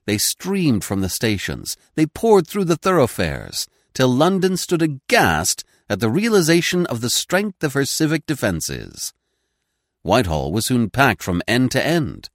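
A man narrating a classic detective story as an audiobook, voicing every character with lively expression. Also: medium pitch, measured pace, dry recording, studio quality. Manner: reads all characters in one voice, lively and expressive.

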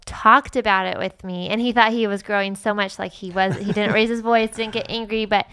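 Soft-spoken wife on a podcast, smooth voice. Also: female voice, mid-range voice, fairly even intonation, fairly quick. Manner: soft-spoken, sensitive, conflict-averse. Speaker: podcast co-host. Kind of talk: casual conversation. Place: quiet room with cameras and lights.

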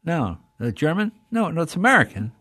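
An older man's slightly high, breathy voice comes through brisk and clean, with no room sound. Appearing as a guest in an informal talk, he spins anecdotes with energy, acting out quoted voices.

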